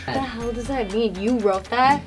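Playfully defensive woman with quick comebacks. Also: a little high, faint music behind. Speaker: girlfriend and co-host. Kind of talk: casual chat.

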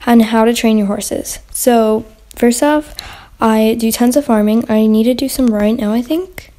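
A woman's voice: a little high, unhurried, dark tone. A young woman hosting a casual gaming Q&A vlog, chatty and rambling with lots of fillers and restarts. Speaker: channel host.

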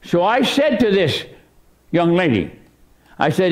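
Animated preaching man with lively pitch. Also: measured pace, long pauses. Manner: animated preaching, voice surging high for emphasis. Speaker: pastor. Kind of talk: sermon. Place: church.

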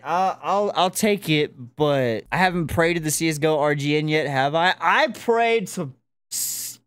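A young adult streamer chatting casually while opening game cases, swearing and yelping loudly when excited. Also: medium pitch, no echo. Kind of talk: casual live-stream commentary.

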